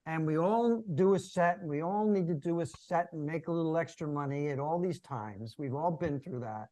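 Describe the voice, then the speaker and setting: A man's voice: a little high, moderate pace, mellow, no room sound. An older man hosting a comedy podcast, enthusiastic as he praises and explains. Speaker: podcast host. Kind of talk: casual chat.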